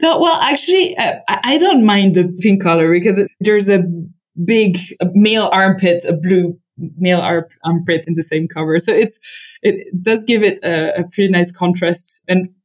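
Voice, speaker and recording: A woman from Italy with an Italian accent, speaking as an economist guest in a podcast interview, thoughtful and halting with frequent restarts. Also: lowish voice, low-quality recording.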